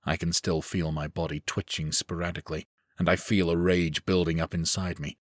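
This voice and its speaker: A man reading a first-person fantasy audiobook in a measured, steady storytelling manner. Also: low-pitched, no room sound, clean studio sound. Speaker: audiobook narrator.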